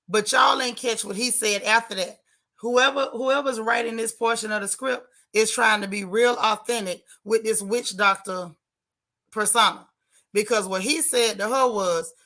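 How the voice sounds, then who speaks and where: A bright, forceful woman talks straight into her webcam on a casual livestream. She is blunt and sassy, and she reads viewer comments aloud as she goes. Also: fairly high pitch, steady tone, measured pace. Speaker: livestream host. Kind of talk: casual live chat reacting to a TV show.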